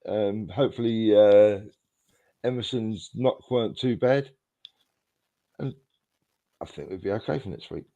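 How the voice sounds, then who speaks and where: A man's voice: fairly low pitch, measured pace, long pauses, mellow. A man with an English accent co-hosting a casual football fan show, easygoing and a little rambling. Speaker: podcast co-host. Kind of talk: casual chat.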